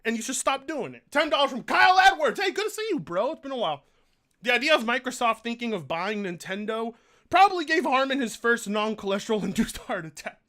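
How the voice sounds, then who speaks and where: A man's voice: extremely high pitch, big pitch swings, quick pace, pushed and bright. A man streaming live, reading donations aloud, swearing and groaning in pain in a whiny, exasperated way. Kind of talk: casual live-stream chat.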